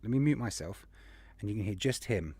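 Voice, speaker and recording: A man hosting a casual livestream podcast, chatty and jokey, rattling off shout-outs to viewers. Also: on the low side, lively intonation, fairly quick, husky, no echo, studio quality. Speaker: podcast host.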